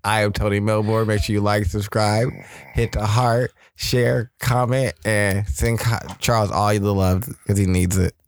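A man's voice: lowish voice, steady tone, measured pace. A man hosting a podcast in casual chat, joking and playful. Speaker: podcast host.

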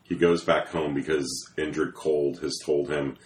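A man's voice: very deep voice, steady tone, measured pace, roomy sound, slight background noise. A man guesting on a podcast, retelling movie scenes in a storytelling way. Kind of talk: casual movie discussion.

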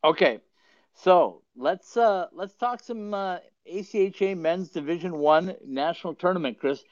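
A man's voice: high-pitched, expressive, measured pace, dry recording. A man hosting a podcast who chats and tells stories casually, rambling and often chuckling mid-sentence. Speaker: podcast host. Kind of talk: casual storytelling chat. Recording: dull lo-fi dry sound.

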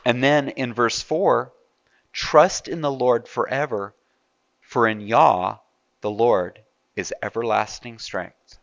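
A man's voice: mid-range voice, slow pace, vocal fry, a bit bright, no echo, muffled recording. A man preaching a sermon in a conversational way, asking his listeners rhetorical questions. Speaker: pastor.

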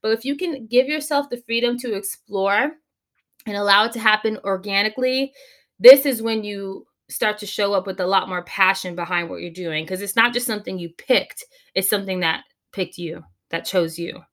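A woman coach talking as a podcast guest, giving advice in an animated way and slowing down to stress her points. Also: mid-range voice. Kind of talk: podcast interview, conversational advice.

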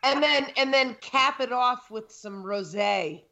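A woman co-hosting a casual podcast, talking in a halting, playful way. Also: fairly high pitch, vocal fry, bright, forceful tone, highs cut off. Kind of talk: casual group chat.

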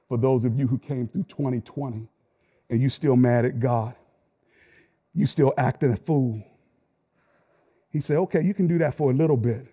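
A middle-aged man preaching a sermon, telling stories with animated delivery that swings from shouts to quiet asides. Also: mid-range voice. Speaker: pastor.

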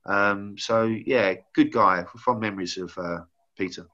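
A middle-aged man with a bright, forceful tone and a slightly low voice, telling old stories in a loose, rambling way. He leans heavily on "you know" as he talks. The audio sounds dull and lo-fi. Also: a little slow. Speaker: former footballer guest. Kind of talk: casual anecdote-telling.

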